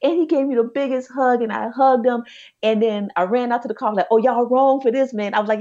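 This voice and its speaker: A woman's voice: a little high, a little fast, highs cut off. Chatty woman telling a story. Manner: animated, chatty, colloquial. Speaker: podcast co-host. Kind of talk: casual chat, storytelling.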